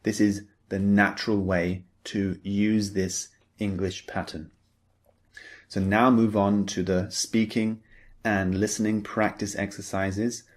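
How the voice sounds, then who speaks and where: A man teaching English in a recorded lecture, explaining slowly and patiently, step by step. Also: on the low side, flat delivery.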